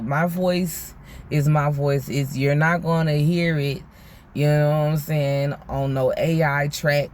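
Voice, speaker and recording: A man's voice: a little high, a little hiss or hum. Rambling, slangy man telling a story. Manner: rambling, slangy, frequent "you know what I'm saying"; profane, candid. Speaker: vlogger. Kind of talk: casual storytime monologue.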